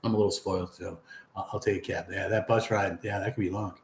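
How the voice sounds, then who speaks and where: A man's voice: low voice, steady tone, quick pace, echoey room. A man hosting a casual livestream, reading viewer comments aloud in a friendly, rambling way. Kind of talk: casual live chat.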